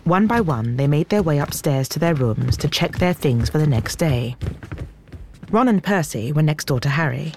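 A woman narrates an audiobook in a strikingly deep voice. She reads in a measured, clear manner over a faint hiss. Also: lively intonation, darkish tone. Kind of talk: scripted narration.

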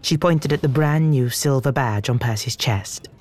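Very low-voiced woman narrating. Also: normal speed, a little mellow. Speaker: audiobook narrator. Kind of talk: scripted narration.

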